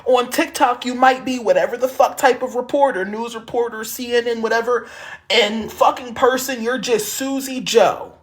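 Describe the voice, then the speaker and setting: A man's voice: very high voice, steady tone, moderate pace, a bit bright. A man from Harrisburg, Pennsylvania, ranting into his phone on a live stream, heated and profane. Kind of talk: angry live-stream rant.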